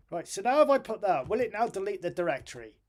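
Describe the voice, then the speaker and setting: A middle-aged man streaming live, who talks through his computer troubles, swears in frustration and laughs at himself. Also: high voice. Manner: exasperated, self-deprecating, swears and laughs at himself. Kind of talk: live-stream chat while programming.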